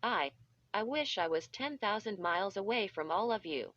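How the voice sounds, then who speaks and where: A woman's voice: mid-range voice, expressive, moderate pace, a bit bright, dry recording. A woman's voice, likely synthetic, reading the lines of a frightened, confused young boy who pleads in distress. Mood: pleading. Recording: dull lo-fi.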